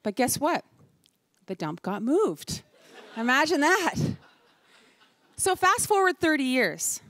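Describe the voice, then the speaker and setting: Animated woman telling stories on stage. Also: high voice, slow pace, dry recording. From Canada. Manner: lively storytelling, acting out voices of others. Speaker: keynote speaker. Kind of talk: storytelling talk to an audience. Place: large event hall before a live audience.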